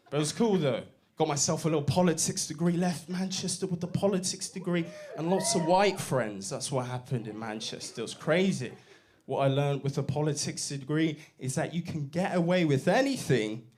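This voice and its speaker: A man's voice: on the high side, lively intonation, moderate pace, a little mellow. A young man from Bristol doing a brash, sweary stand-up set in a comedy club, baiting the crowd on a handheld mic. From Bristol, England. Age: young adult.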